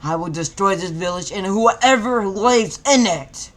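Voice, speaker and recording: A man's voice: on the high side, lively intonation, slow pace. A man voicing a vengeful young male ninja in a fan-made anime story, menacing and then screaming with rage. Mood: furious.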